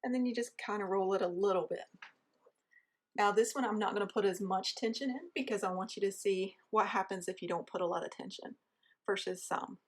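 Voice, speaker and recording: A woman's voice: medium pitch, brisk. A woman with a rural Southern American accent, giving a casual, chatty how-to lesson while she shapes dough with her hands. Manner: chatty, self-deprecating, talks while kneading dough. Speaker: home baker teaching.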